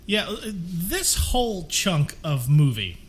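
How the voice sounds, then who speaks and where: A man's voice: sits high, very animated, takes it slowly. A man co-hosting a podcast, ranting animatedly about a movie and acting out characters in silly voices. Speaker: podcast co-host. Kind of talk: casual movie-review chat.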